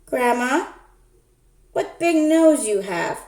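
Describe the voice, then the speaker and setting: A small timid girl in a red hood pipes up in a high, wide-eyed voice, as a woman puts her on. She is polite and quick to say sorry, and the reading rings around an echoey room. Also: lively intonation, a little mellow.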